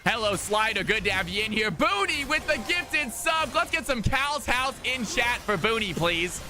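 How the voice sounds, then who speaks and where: A man streaming and shoutcasting an esports match live, excitable and hyped, shouting over the big plays from a home streaming setup on a desk microphone. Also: very high-pitched, moderate pace. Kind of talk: live esports play-by-play commentary. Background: faint background music.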